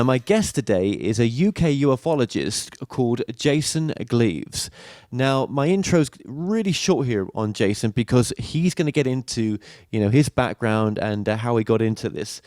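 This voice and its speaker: A man's voice: medium pitch, a little mellow, dry recording. Chatty British male host, dry sound. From Britain. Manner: friendly, chatty, with fillers. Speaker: show host. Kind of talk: casual interview talk.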